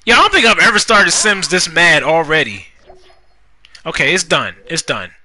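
A young man giving casual, profane commentary while playing a life-simulation game, scolding the characters out loud. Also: on the high side, moderate pace. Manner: animated, profane, talks to the game characters, rhymes jokingly. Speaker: gaming YouTuber. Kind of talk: casual Let's Play commentary.

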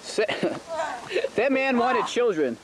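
A man giving excited play-by-play commentary on a backyard wrestling match, gasping "oh" at every move. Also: very high voice, drawn-out words. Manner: excitable, frequent gasps of "oh". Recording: noisy outdoor camcorder audio.

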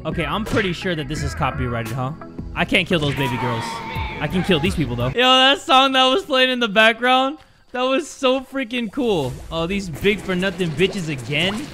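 A man giving let's play commentary on a horror game, loud and crude, cracking jokes and yelling at what's on screen. His voice sits high and swings widely, with game music playing behind him. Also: lively intonation, normal speed. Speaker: gaming YouTuber.

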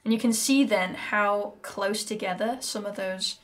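A British woman teaching handpan rhythms, chatty and explanatory, who counts the beats out loud. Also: mid-range voice, steady tone, unhurried. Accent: British English. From Britain. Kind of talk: music lesson. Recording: music playing in background. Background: handpan music.

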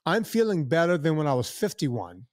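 Chatty man in his sixties, fairly high voice. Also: very animated, moderate pace, no room sound, clean studio sound. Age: 60s. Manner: rambling, with many restarts and acted-out quotes. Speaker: podcast host. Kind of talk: casual chat.

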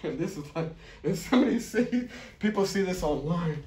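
Guy rambling thru a raw sales pitch, kinda high voice, sounds far from the mic. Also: expressive, normal speed, darkish tone, echoey room, slight background noise. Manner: rambling, restarts a lot, blunt and pushy. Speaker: affiliate marketer presenting his offer. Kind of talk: unscripted raw video pitch. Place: room, filming himself beside a board.

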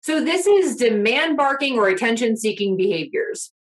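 Lively high-voiced woman co-host. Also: normal speed, low-quality recording. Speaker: dog trainer and podcast co-host. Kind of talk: casual podcast chat.

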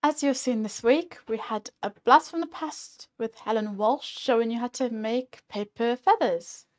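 A woman's voice: on the high side, unhurried, darkish tone. A woman co-hosting a community live stream, reading out the week's schedule in a cheerful way with dry asides. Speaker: co-host.

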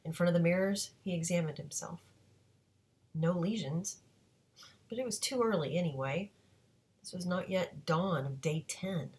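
A woman reading a novel aloud at a steady pace, now and then stopping to correct a slip. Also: on the low side, normal speed, long pauses. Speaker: audiobook reader.

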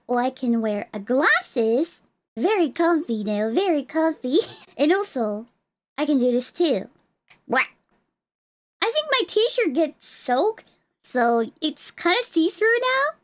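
A woman's voice: high-pitched, sing-song, slow. A woman VTuber streamer showing off her outfit in a cutesy, playful, exclamatory way. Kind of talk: casual live-stream outfit showcase.

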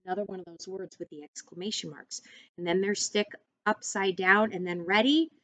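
A woman teacher reading a picture book aloud to young children, pausing to explain words and bursting into loud sound words. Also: lowish voice, steady tone, no room sound. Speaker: first-grade teacher.

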